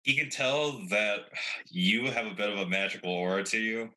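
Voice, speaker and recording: A man's voice: on the low side, normal speed, sharp tone, low-quality recording. A man as game master, narrating a tabletop game in a laid-back, matter-of-fact way.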